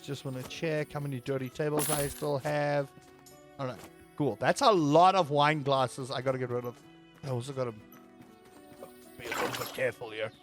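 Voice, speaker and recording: A slightly high-voiced man talks through a game in a playful, theatrical way, with faint music playing underneath. Now and then his voice jumps into high, panicked yelps. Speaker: gaming video creator. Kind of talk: let's play commentary.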